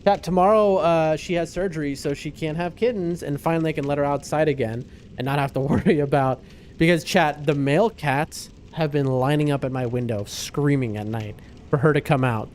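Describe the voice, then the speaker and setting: A man's voice: a little high, fairly quick, slight background noise. A man hosting a gaming livestream, chatting casually with his viewers and joking back at the game characters. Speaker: livestream gamer host. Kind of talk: casual gaming stream commentary.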